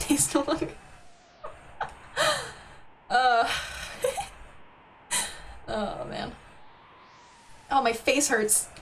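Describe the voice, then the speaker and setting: A woman's voice: on the high side, steady tone, drawn-out words, long pauses, a little hiss or hum. A young woman streaming a game, chatting casually with her viewers in a playful, teasing way and giggling often. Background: faint game music.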